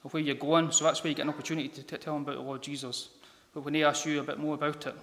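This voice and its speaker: A man giving an informal gospel sermon in a church hall, talking haltingly with many ums and repeated words. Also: fairly high pitch, little pitch movement, a bit bright. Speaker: lay preacher. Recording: reverberant hall.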